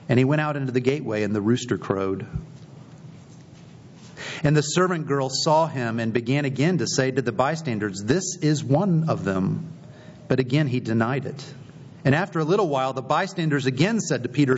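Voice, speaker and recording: Man preaching a storytelling sermon. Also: moderate pace. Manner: storytelling, acting out quoted dialogue. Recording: slightly dull recording with faint low rumble.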